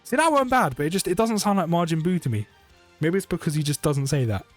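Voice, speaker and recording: Young British man, excitable gameplay commentary, slightly high voice, faint game music underneath. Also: quick pace. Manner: chatty and excitable, rambling self-corrections. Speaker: mobile game YouTuber.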